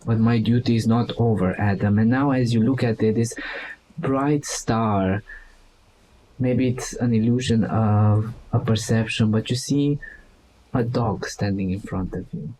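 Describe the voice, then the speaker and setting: A man voicing the loyal spirit of a giant's hound, now a celestial being, speaking slowly and mournfully in a tabletop game. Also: fairly low pitch, dark tone, slight background noise, lightly acted, rough recording. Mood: solemn. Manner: slow, solemn, mournful.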